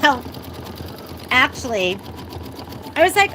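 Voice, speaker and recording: Hosting a relaxed live sewing demonstration on a handheld phone, a sewing shop host chats with viewers, answers their questions, and laughs a lot. Her high voice is expressive and a bit bright, at a moderate pace, with a little hiss or hum.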